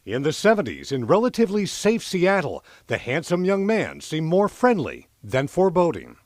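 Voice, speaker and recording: A male TV news reporter giving scripted, dramatic crime-story narration in a measured delivery. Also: fairly high pitch, wildly swooping pitch, no echo, studio quality.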